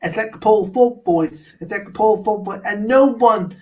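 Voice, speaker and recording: A man's voice: high-pitched, normal speed. Stammering, ranting man far from the mic. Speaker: livestream panelist. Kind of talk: casual chat.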